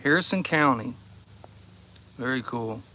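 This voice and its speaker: Seated at his table outside behind his house, with insects around, an Ohio man hosts a casual livestream and talks with viewers in an unhurried, relaxed, joking manner. His voice is an ordinary middle pitch, he chuckles softly and often, and a faint outdoor hush runs beneath the audio.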